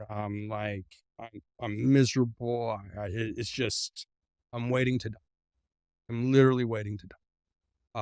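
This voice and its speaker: A middle-aged man as an interview guest, earnestly recounting a personal ordeal, often halting and repeating words as he speaks. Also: mid-range voice, no echo, clean studio sound. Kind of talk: personal storytelling in a conversation.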